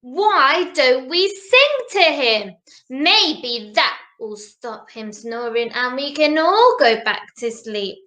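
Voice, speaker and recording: A woman voicing a sleepy, tired farm cat in a picture-book reading, pleading gently. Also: high voice, sing-song, takes it slowly, heavily acted. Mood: weary, hopeful. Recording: roomy echo.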